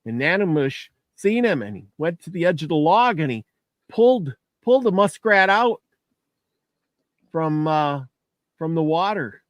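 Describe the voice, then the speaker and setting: A man's voice: on the high side, sing-song, a little slow, dry recording. Folksy male storyteller, dry sound. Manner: casual, folksy, restarts phrases. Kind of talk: casual storytelling.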